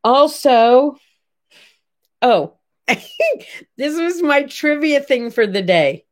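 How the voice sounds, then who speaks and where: An older woman telling an animated personal story in a chatty way, acting out the people she quotes. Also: sits high, extremely slow. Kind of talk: casual storytelling monologue.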